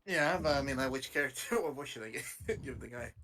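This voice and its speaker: A woman's voice: extremely low pitch, expressive, brisk, a bit bright, far from the mic, slight background noise. A young woman in a student voice-acting group, chatting casually and a bit hesitantly. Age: young adult. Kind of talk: casual chat between takes.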